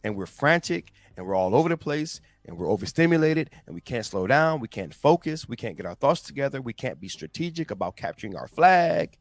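A man's voice: medium pitch, very animated, brisk, hardly any pauses, no room sound, soft background music. A man hosting a casual motivational talk, reading scripture and speaking to listeners in slangy, emphatic bursts. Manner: slangy, emphatic, addresses listeners directly as guys. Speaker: motivational host.

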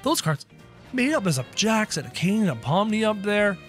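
A man hosting a gaming video, giving excitable gameplay commentary and talking straight to his viewers. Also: high-pitched, normal speed, faint music behind. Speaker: gaming channel host.

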